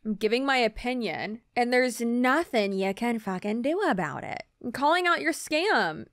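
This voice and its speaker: A woman's voice: a little high, lively intonation, normal speed, fairly bright tone, no echo, clean studio sound. A woman giving blunt, sarcastic reaction commentary, swearing freely.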